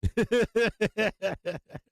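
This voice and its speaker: Male live-stream market host, smooth higher voice, excitable and profane. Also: extremely slow, no echo. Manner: excitable, laughs often, swears freely.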